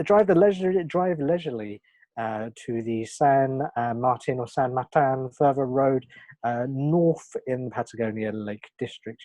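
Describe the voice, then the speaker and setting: A man co-hosting a podcast, reading a travel description aloud in a halting way, with frequent hesitations over names. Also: mid-range voice, mellow, no echo. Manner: halting, many "uh" fillers when reading. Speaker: podcast co-host. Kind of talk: reading a travel write-up in casual chat.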